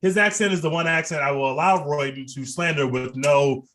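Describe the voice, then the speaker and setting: A man's voice: fairly high pitch, a little fast, a bit bright. A man co-hosting a podcast, reviewing a movie in casual, profane and enthusiastic chat. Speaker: podcast co-host.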